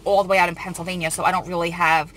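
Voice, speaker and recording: A woman's voice: fairly low pitch, flat delivery, racing, fairly bright tone, poor audio. A young woman vlogger reading a news article aloud and reacting to it in an earnest, emotional way. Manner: earnest, emotional, often close to tears.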